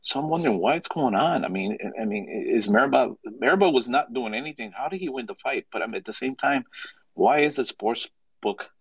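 A man's voice: mid-range voice, animated, brisk, breathy edge, dry recording, rough recording. A man calling in to a chat show, hesitant and stumbling as he airs a grievance. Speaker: caller. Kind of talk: casual chat.

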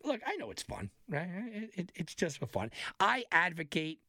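A man's voice: sits high, moderate pace, dry recording, studio quality. A man hosting a sports betting podcast, talking casually and telling stories with lots of energy. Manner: animated, chatty, tells anecdotes with many restarts. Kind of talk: casual sports talk monologue.

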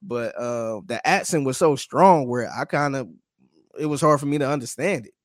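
A man's voice: medium pitch, moderate pace, no room sound. Chatty laughing man, dry close sound. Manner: chatty storyteller, laughs often, casual slang. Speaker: podcast co-host. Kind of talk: casual podcast chat.

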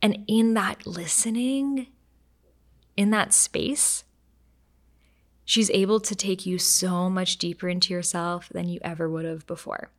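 A woman, an Ayurveda expert, talking in a podcast interview as a lively explainer who acts out quoted voices and changes her pace to show a point. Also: lowish voice, unhurried.

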